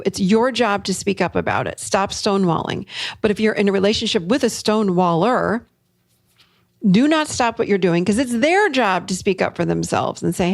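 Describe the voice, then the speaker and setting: A woman's voice: medium pitch, vocal fry, dry recording, studio quality. A middle-aged woman hosting a solo podcast as a therapist, talking animatedly and acting out her clients' words. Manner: animated, acts out client quotes.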